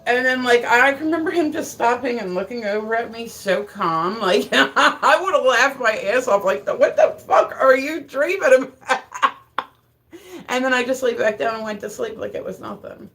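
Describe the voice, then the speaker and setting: A woman's voice: fairly high pitch, moderate pace, pushed and bright, poor audio. A woman livestreamer talks loosely and casually with her chat. She swears freely and laughs often as she tells her stories, breaking off to read viewer comments aloud. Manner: profane, rambling storyteller; laughs often mid-sentence.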